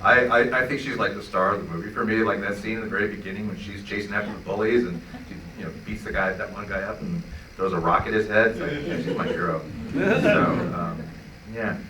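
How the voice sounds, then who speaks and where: A man's voice: on the low side, fairly quick, sharp tone, slight background noise. A man on a film panel talking enthusiastically, stumbling over repeated restarts. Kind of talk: panel Q&A answers. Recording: echoey hall, distant mic.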